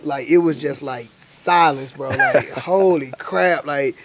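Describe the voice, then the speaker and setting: A young adult man from Alabama, a guest chef telling stories in casual, animated talk full of slang fillers. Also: on the high side, a little slow, few pauses. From Montgomery, Alabama, US. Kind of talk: casual storytelling.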